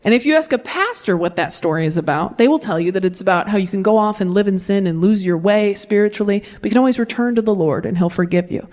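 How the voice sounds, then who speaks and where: A woman's voice: medium pitch, fast, few pauses, a little mellow. A woman performing a stand-up comedy set on a club stage, brash and self-deprecating, talking frankly to a live audience.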